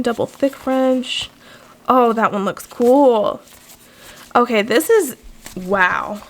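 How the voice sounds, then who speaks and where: Woman, young adult, higher-pitched, enthusiastic, casual unboxing chat. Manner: gushing, enthusiastic, many fillers. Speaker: nail artist unboxing products.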